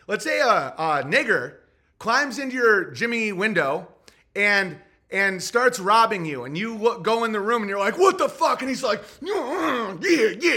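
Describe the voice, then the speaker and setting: Podcast host, male, bright tense voice, sarcastic and profane rant. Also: high voice.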